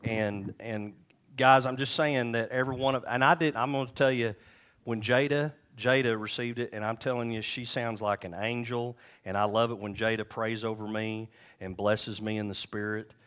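A middle-aged male pastor preaching a sermon and telling stories, acting out quotes with shifting pitch and volume. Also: steady tone, moderate pace, fairly bright tone, clean tone.

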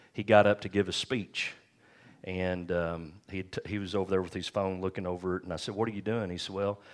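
Man, pastor, low deep voice, earnest conversational sermon, storytelling. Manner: earnest, conversational preaching with anecdotes.

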